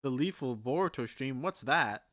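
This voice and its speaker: A man's voice: medium pitch, moderate pace. A man chatting casually as the co-host friend, with short dry reactions and joking asides. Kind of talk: casual chat. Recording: lively crowd noise behind.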